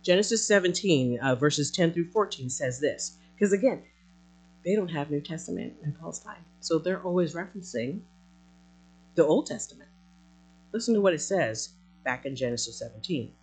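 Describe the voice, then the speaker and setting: A woman's voice: deep voice, expressive, moderate pace, husky, soft background music. A woman preaching a sermon in a conversational, emphatic way, acting out quotes as she goes.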